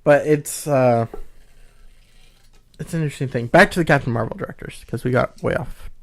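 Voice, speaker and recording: A man at a middle pitch co-hosting a relaxed podcast, walking his co-host through background details. He talks in long, loose stretches broken up by frequent ums and restarts. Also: normal speed, vocal fry. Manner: explains at length with many ums. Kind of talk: casual chat.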